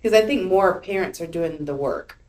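A woman in her thirties, a podcast guest, chatting casually and telling lively stories about her young daughter. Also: lowish voice, normal speed. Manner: animated storyteller, voices her child's lines. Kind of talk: casual chat.

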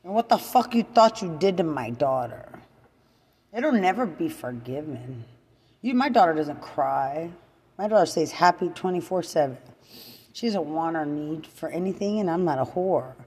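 A woman in an angry unscripted rant, profane and repetitive, swinging from loud outbursts to low muttering. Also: animated, normal speed, husky, long reverb tail. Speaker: mother venting to camera.

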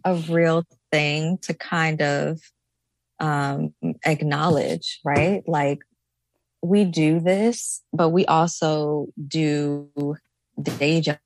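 A woman co-hosting a podcast while sick, her voice lower than usual, talking slowly with many fillers. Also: no room sound. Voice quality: deep, gravelly voice from being ill. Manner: relaxed, drawn-out, thinks aloud with fillers. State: sick, under the weather. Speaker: podcast co-host. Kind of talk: casual chat.

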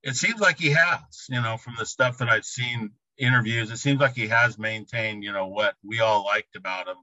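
A man giving a reflective interview answer, often pausing to search for words. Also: mid-range voice, sharp tone, no echo, dull audio. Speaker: interviewee recalling an athlete.

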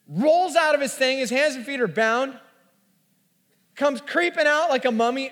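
A man in his forties preaching a sermon, telling the story in an animated way and acting out the voices. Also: very high voice, normal speed. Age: 40s. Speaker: pastor. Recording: reverberant hall.

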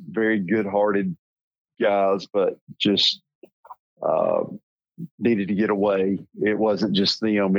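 A middle-aged man with a Southern accent recounts his family's story, taking his time and often trailing off. His voice sits fairly low and unhurried. The recording is dry and a little dull, with the top end muffled. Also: no echo. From Tennessee. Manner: slow, halting, reflective. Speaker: interview guest. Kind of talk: personal storytelling.

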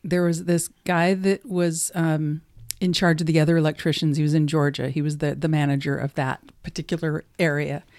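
A middle-aged woman chats on a podcast, her voice sitting a little low and close, with no room sound around it. She tells stories with plenty of giggles and an animated, chatty manner. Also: brisk, no echo. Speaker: podcast co-host. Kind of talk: casual chat.

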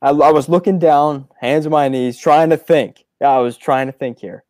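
A man's voice: on the high side, fairly even intonation, moderate pace, darkish tone, no room sound. A man in his twenties, the son and co-host, talking casually and reflectively about his experiences, sincere with small hesitations. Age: 20s. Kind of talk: casual storytelling.

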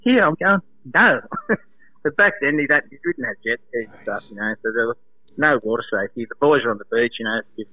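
A man's voice: medium pitch, a little fast. Australian man on a tinny phone line. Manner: animated, laughs often, acts out quotes. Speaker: guest, former lifeguard. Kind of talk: casual storytelling on a radio call. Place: at home.

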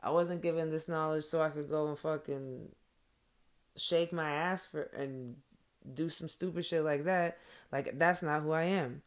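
A woman and mother talking straight to her followers in an earnest, blunt monologue, swearing freely and filling pauses with "like" and "um". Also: low voice, fairly even intonation. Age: adult with children. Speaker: vlogger addressing followers. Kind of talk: heartfelt direct-to-camera monologue.

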